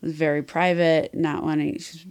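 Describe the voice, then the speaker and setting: A woman's voice: deep voice, little pitch movement, moderate pace, darkish tone, smooth. A woman podcast host in casual chat, retelling a story in a frank, rambling way with many fillers.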